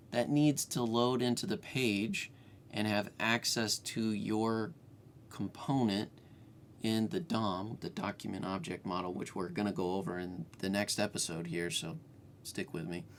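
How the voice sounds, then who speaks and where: A man's voice: fairly low pitch, little pitch movement, unhurried, a little hiss or hum. A man hosting a screen-share coding tutorial, talking casually with lots of fillers and restarts, at home. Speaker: programming tutorial host.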